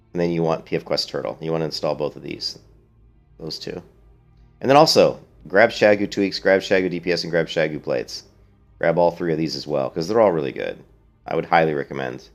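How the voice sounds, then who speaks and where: A man with a very low voice chats through a let's-play stream, answering viewers in a blunt, opinionated way. Faint game music runs underneath his talk. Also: vocal fry, highs cut off. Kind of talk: casual let's-play commentary.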